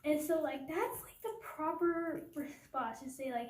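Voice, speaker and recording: A woman's voice: sits high, measured pace. A woman vlogger telling a rambling, casual storytime rant, full of "like" and "you know". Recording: echoey room, from a distance, faint noise.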